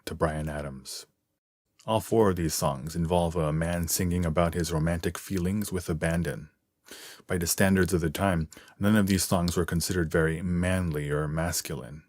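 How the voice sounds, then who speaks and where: A man, a translator, reading his own written column aloud in a measured, deliberate way. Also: deep voice, steady tone, darkish tone, dry recording, clean studio sound.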